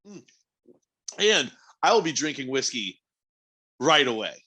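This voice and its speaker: A man co-hosting a podcast, joking and swearing in quick casual chat. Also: medium pitch, sing-song, sharp tone, breathy edge. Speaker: podcast co-host.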